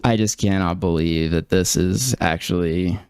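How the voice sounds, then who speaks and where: A man's voice: low voice, normal speed, a little mellow, clear, resonant tone, dry recording, studio quality. A man giving casual reaction commentary on a stream, incredulous and laughing, with many fillers and restarts.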